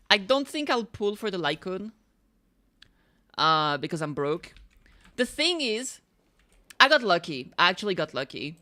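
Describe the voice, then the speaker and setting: A woman streaming a game and chatting casually with viewers, bubbly and excitable, swearing now and then. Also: mid-range voice. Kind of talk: casual live-stream chat while gaming.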